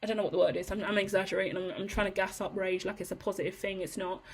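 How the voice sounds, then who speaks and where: A woman's voice: mid-range voice, level tone, racing. A woman giving a heated, profane monologue to camera as a tarot reader, blunt and ranting.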